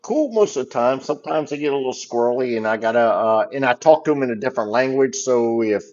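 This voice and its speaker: A man's voice: medium pitch, expressive, fast talker, darkish tone. A man chatting casually on a live stream, rambling and swearing freely with lots of fillers. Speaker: livestream co-host. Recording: dull lo-fi stream audio.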